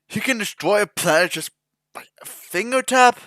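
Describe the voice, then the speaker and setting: A man's voice: high-pitched, expressive, moderate pace, sharp tone, a little hiss or hum. A man hosting a reaction video, chatting casually with jokes and rambling asides. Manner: rambling, joking, trails into mock-emotional mumbling.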